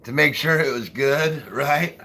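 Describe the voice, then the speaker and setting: A man with a husky, bright-edged voice chats loosely on a livestream. He rambles from one story to the next, swears freely and laughs a lot. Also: fairly high pitch, unhurried. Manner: rambling, profane, laughs often. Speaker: livestream host. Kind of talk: casual livestream chat.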